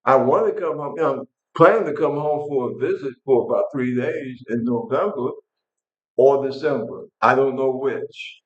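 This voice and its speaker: A man's voice: medium pitch, normal speed, reverberant, highs cut off. An older man from New York, angry and blunt, ranting casually to his viewers with frequent restarts. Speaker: vlog host. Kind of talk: casual political rant to camera.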